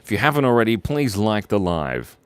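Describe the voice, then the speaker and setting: A man with a deep voice hosts a casual live drawing stream, chatting playfully as he sketches. His pitch leaps up and down constantly, and he keeps up a steady stream of jokes and shout-outs to viewers. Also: brisk, clean tone, no room sound. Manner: playful, jokey, reads viewer names and shout-outs aloud.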